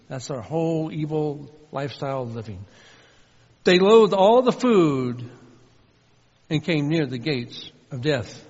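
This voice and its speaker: Male preacher, somewhat high voice, earnest sermon delivery, muffled recording with long hall reverb. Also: animated, unhurried. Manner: earnest, swings between loud emphasis and soft low asides.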